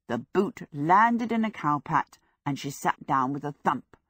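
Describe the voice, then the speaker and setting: A woman reads a novel aloud for an audiobook, her delivery measured and expressive. Her voice sits on the lower side, and the studio-quality recording has no echo. This is scripted narration.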